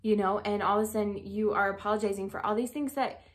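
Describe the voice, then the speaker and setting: A woman's voice: medium pitch, steady tone, quick pace. A young adult woman giving relationship advice as a dating coach. She talks in a chatty, earnest way, full of casual filler words.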